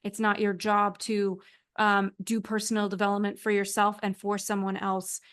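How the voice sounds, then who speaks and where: A woman's voice: medium pitch, monotone, moderate pace, a bit bright. A woman hosting a podcast, talking candidly and reflectively, thinking aloud with fillers. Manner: candid, reflective, talks things through with fillers. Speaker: podcast host. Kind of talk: podcast conversation.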